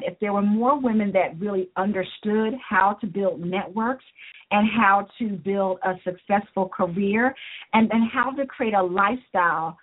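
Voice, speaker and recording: A woman business coach and author, speaking earnestly and motivationally as an interview guest. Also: medium pitch. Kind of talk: interview guest on a talk show. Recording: tinny phone-line sound.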